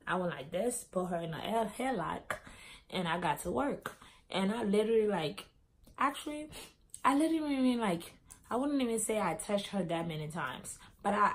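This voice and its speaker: A young adult woman vlogger telling a personal story in a casual way, acting out the dialogue as she goes. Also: on the low side. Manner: animated, acts out quoted dialogue.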